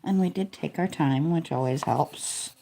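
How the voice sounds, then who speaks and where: Low gravelly lady chatting along while she colors, laid back and jokey about herself. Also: measured pace. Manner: relaxed, chatty, self-deprecating. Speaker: coloring video creator. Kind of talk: casual narration while coloring.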